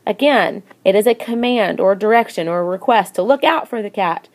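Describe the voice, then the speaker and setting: Woman, teacher, chatty grammar lesson, lively example voices. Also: mid-range voice, fairly quick.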